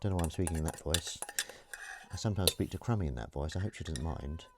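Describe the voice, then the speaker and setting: A man's voice: a bass voice, fast talker, heavy background noise. Man chatting over clattering dishes. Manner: chatty, self-aware, jokey. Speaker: live-stream host. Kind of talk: casual rambling monologue. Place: home kitchen at the sink. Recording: clattering dishes and cutlery behind.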